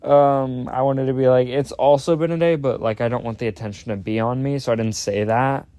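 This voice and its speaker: A man's voice: medium pitch, fairly even intonation, brisk, warm tone, no room sound. A young man hosting his own podcast, rambling in casual chat, swearing and cutting himself off mid-sentence. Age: young adult. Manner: rambling, sweary, self-interrupting. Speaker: podcast host.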